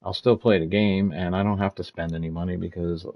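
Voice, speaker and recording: A man's voice: deep voice, steady tone, a little fast, muffled recording. A man in his fifties streaming a game, ranting and swearing as he tells stories in casual chat. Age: 50s. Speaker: gaming streamer.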